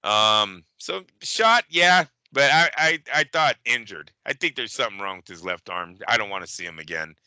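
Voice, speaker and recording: A man co-hosting a casual boxing talk show, animated and profane, acting out fight-night scenes. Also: on the low side, moderate pace, few pauses, clear, resonant tone, dry recording.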